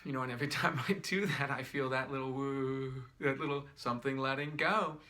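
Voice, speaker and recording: A middle-aged man leading a guided breathing demonstration as a wellness instructor, talking gently and repetitively, thinking aloud with restarts, his eyes tearing up. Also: medium pitch, fast.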